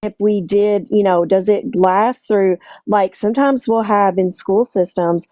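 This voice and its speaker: A woman's voice: medium pitch, unhurried, warm tone, no room sound, highs cut off. A woman with a Southern US accent, a teacher from Tennessee, asking a long, rambling question full of fillers on a live stream.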